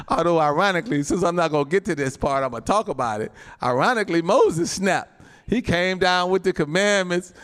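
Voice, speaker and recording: A male pastor preaching a sermon, animated, often calling out to the congregation and breaking into shouts and laughs. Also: fairly high pitch, unhurried. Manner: calls out to the congregation.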